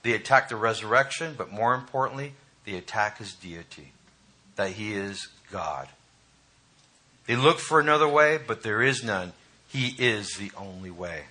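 A man preaching a sermon to a congregation, reading scripture and commenting with dramatic emphasis and pauses. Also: fairly low pitch, animated, pushed and bright. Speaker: pastor. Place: church hall.

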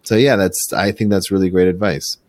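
A man's voice: low-pitched, a little fast, no echo. A man in his thirties hosting a casual interview, telling stories with lots of laughter. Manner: animated storyteller, laughs often, acts out quoted voices. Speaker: podcast host.

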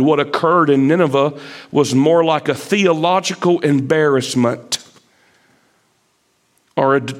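A man preaching a sermon, emphatic, climbing high as he drives a point home and acting out the prophet's complaints. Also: a bit bright.

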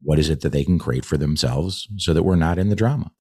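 A man's voice: a bass voice, fast, a little mellow, breathy edge, no room sound, clean studio sound. A man who trains leaders, talking earnestly in a podcast conversation and swearing freely.

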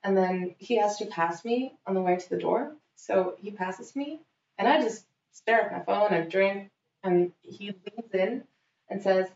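A young woman telling a story in casual chat, animated and swearing freely as she acts out what others said. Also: mid-range voice, unhurried. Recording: dull roomy recording.

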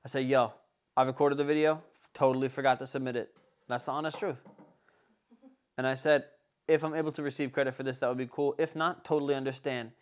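A young man telling a story in casual chat, animated and swearing a lot. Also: medium pitch, a little fast, pauses often. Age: young adult.

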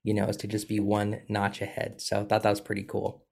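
A man's voice: fairly low pitch, completely flat delivery, fairly quick, vocal fry, a little mellow. A man, a sales coach in a casual conversation, who talks in an affirming, enthusiastic way.

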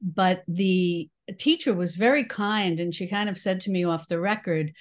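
A woman's voice: on the low side, normal speed, hardly any pauses. A woman in her sixties from New York City with a New York accent, chatting as an interview guest with frequent laughs and fillers. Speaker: guest, cooking teacher. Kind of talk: casual interview chat.

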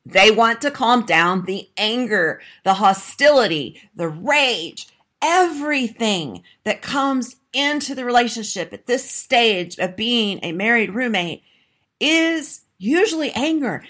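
A woman's voice: a little high, sing-song, slow, fairly bright tone. A woman hosting her own marriage-coaching podcast, talking straight to listeners in an emphatic, direct way. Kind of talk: solo podcast talk with a sign-up pitch.

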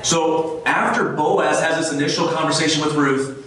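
A man delivers a conversational sermon, reading scripture aloud and asking his listeners questions. His voice sits at a middling pitch and comes from some distance off the mic. A heavy echo fills the large room, with faint ambience behind him. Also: steady tone, moderate pace, background noise. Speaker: pastor. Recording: echoey room, mic far off.

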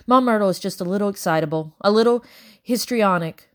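A woman voicing a firm, composed grown woman who speaks sharply and calmly. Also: mid-range voice, a little fast, voice pushed up, lightly acted. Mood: firm soothing. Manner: sharp, then soothing.

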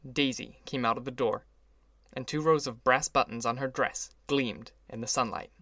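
Calm and even, a man voices a classic novel as an audiobook reader, keeping to a middle pitch while reading the script. The sound is close-miked and dry, with no room ambience.

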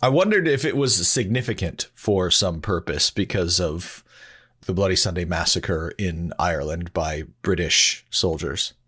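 A man hosting a podcast in casual chat, talking in a thoughtful, measured way. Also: sits low, a bit bright, husky. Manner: thoughtful and measured, reflects at length. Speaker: podcast host.

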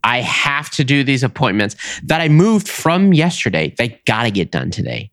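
A man's voice: medium pitch, very animated, normal speed, a bit bright, no echo, clean studio sound. A young man hosting a podcast, telling a long story in a casual, exasperated way and acting out both sides of each conversation. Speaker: podcast host.

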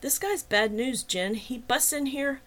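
Brief: woman reading as a tough protective man, low and gruff, audiobook romance. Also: a little slow, a bit bright. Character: strong protective working man, tender but fierce.

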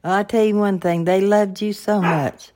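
An older woman co-hosting a faith-based podcast, talking in a warm, folksy and agreeable way. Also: mid-range voice, fairly even intonation, measured pace. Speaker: podcast co-host, the host's mother.

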